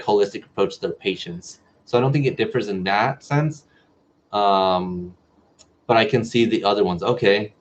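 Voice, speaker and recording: The speaker is a man in his twenties from New Mexico, a medical student hosting an easygoing livestream Q&A where he reads and responds to viewer comments in a chatty way. His pitch is fairly low, and the dull lo-fi stream carries slight background noise.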